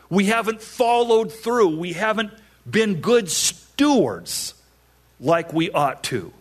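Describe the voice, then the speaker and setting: A middle-aged man preaches from the pulpit, leaning on repeated phrases to build his point. His voice sits high and swings widely in pitch, and he lets the words come out slowly. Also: very animated. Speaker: pastor. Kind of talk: sermon.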